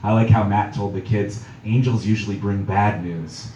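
Deep-voiced pastor preaching in an echoey church. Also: male voice, steady tone, moderate pace, dark tone, highs cut off, slight background noise. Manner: reflective, musing, with small restarts. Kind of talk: sermon. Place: church sanctuary. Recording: echoey hall from far off.

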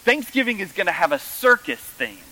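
A man voicing an excitable middle-aged mother who gushes with enthusiasm over her plans. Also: high-pitched, moderate pace, pitched above the performer's own voice, heavily acted, low-quality recording. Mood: enthusiastic. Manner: enthusiastic, gushing.

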